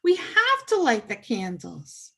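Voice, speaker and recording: A woman's voice: on the high side, wildly swooping pitch, slow, gravelly, bright, forceful tone, full character voice. A woman voicing an eager young girl who loves stories of heroes. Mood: upset.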